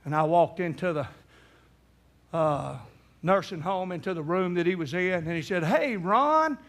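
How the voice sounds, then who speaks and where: A man's voice: a little high, fairly even intonation, normal speed. A middle-aged man, an evangelist telling a story in a sermon and acting out the voices of the people in it. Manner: acts out quoted voices, rising to near-shouts in emotional peaks.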